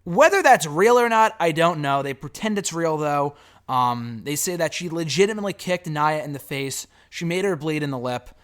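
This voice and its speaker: A man with a slightly high voice talks through a casual review, running over the plot bluntly. He is sarcastic and swears freely along the way. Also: expressive, moderate pace, fairly bright tone. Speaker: wrestling show reviewer.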